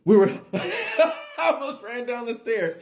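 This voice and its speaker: A man with a voice on the higher side tells a story straight to his phone camera at home. He is animated and a little breathless, and he repeats phrases and laughs as he goes. The feel is casual and unscripted. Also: brisk, slight background noise. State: drowsy and dizzy. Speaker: vlogger.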